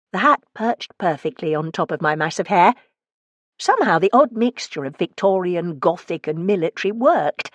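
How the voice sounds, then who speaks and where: A woman narrating a cozy mystery audiobook in the first person, wry and expressive, recorded close in a studio. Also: fairly low pitch, no echo.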